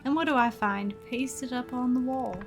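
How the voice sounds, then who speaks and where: A woman's voice: a little high, moderate pace, vocal fry, faint music behind. A woman reading aloud the lines of an earnest young male medical student in a story game, in her own plain voice. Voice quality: plain reading voice, no put-on accent.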